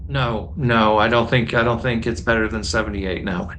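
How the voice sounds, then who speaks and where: A man's voice: on the low side, fairly even intonation, normal speed, fairly bright tone, soft background music. A man speaking as a guest critic in a casual conversation, giving blunt, frank opinions.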